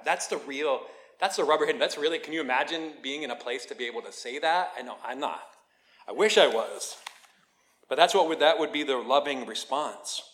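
Man, pastor, sermon, bright voice, animated storyteller, earnest teaching. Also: fairly high pitch, brisk. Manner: animated storytelling, playful asides, laughs at own story; earnest, quieter when teaching.

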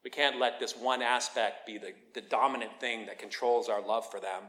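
A man preaching a sermon, telling a lively story with playful asides and then teaching in a quieter, earnest way. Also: mid-range voice, normal speed. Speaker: pastor.

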